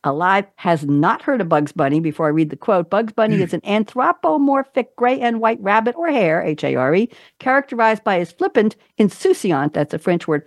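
A woman hosting a talk show, chatting playfully with guests and making quick asides. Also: medium pitch, no room sound, studio quality. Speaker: podcast host. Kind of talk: casual interview talk show.

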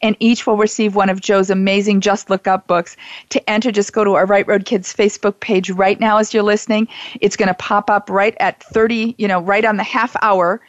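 A woman's voice: mid-range voice, flat delivery, brisk, dry recording, highs cut off. Effusive woman hosting a radio show. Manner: effusive and enthusiastic.

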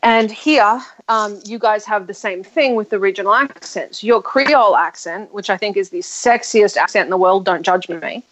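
A woman's voice: mid-range voice, normal speed, hardly any pauses. An Australian woman in casual chat, opinionated and talkative, laughing often. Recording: dull lo-fi sound.

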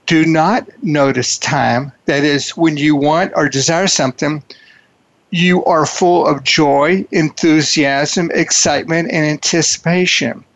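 A man hosting a radio talk show, with an effusive manner and slow, emphatic phrasing. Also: fairly high pitch, fairly bright tone, dry recording. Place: studio in a large city.

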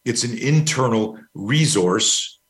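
This middle-aged man's voice is medium in pitch and a bit bright, with lively intonation and a slow pace. As an interview guest on fear management, he wanders through a long personal story, casual and anecdotal, cursing from time to time.

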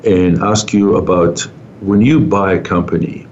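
A man hosting an interview show, asking questions with hesitant, halting phrasing. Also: steady tone, a little mellow. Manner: hesitant, lots of fillers. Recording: dull audio with faint rumble.

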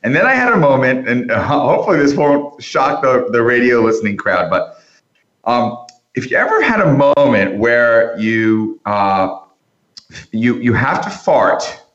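A man who is a podcast guest, telling a long story with lots of restarts and animated turns. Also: medium pitch, unhurried, roomy sound, dull audio. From New York area. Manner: animated anecdote-teller with frequent restarts. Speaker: interview guest.

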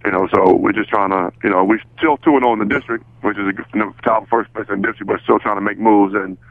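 A man in his forties, a high school football coach, chatting on a radio show in a laid-back, teasing way. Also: fairly even intonation, quick pace, dry recording, phone-quality sound. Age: 40s. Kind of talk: casual radio chat.

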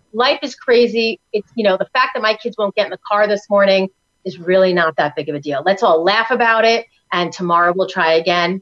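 Energetic New York woman, slightly muffled. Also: mid-range voice. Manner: energetic, upbeat, salesy. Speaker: parenting coach guest. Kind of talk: enthusiastic talk-show chat. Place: studio in Tampa.

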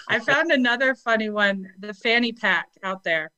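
A woman's voice: a little high, animated, unhurried, bright, forceful tone, clean tone, dry recording, rough recording. A woman chatting as a guest over a video call, bubbly and laughing often. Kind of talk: casual chat.

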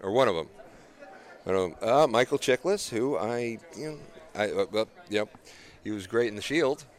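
A man's voice: on the low side, lively intonation, normal speed. A man co-hosting a casual talk show, rambling with many fillers as he lists names. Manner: rambling, hesitant, lots of fillers. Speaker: podcast co-host. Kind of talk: casual chat.

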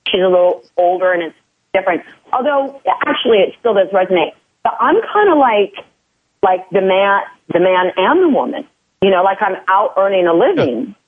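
A woman's voice: mid-range voice, sing-song, normal speed, husky. A woman guest in a casual chat who talks candidly and often restarts her sentences. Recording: tinny phone line.

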